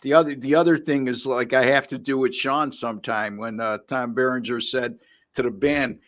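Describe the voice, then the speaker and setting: Male podcast host, mid-pitched, wry chatty banter between picks. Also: fairly even intonation, moderate pace, fairly bright tone. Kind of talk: casual sports podcast chat.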